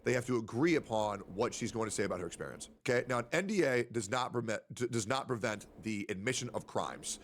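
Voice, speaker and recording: A man's voice: medium pitch, expressive, fast, hardly any pauses, slight background noise. A man giving an emphatic, lecturing commentary and repeating his points for stress. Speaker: streamer commentator. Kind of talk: monologue commentary.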